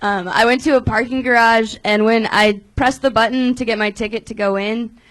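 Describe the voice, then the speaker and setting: A woman's voice: fairly high pitch, steady tone, moderate pace, a bit bright, low-quality recording. A woman performing a stand-up set on a comedy club stage, nervous and hesitant, with many fillers.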